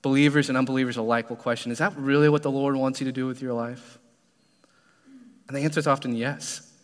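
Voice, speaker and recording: A young man preaches in an earnest storytelling way and acts out his own prayers. His voice sits at an ordinary middle pitch. The long reverb of a church sanctuary hangs behind him. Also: steady tone, fast talker. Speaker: youth pastor. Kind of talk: sermon.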